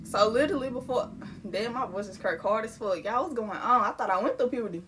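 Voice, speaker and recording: A woman's voice: medium pitch, quick pace, fairly bright tone, slight background noise. A young adult woman telling a personal story in a casual, candid way, full of slang and swearing. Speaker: vlogger.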